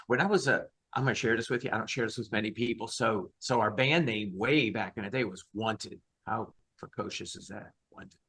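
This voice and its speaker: Fired-up husky man preaching on a call. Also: fairly low pitch. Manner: fired up, emphatic, animated. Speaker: guest, Christian rock singer. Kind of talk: passionate interview talk.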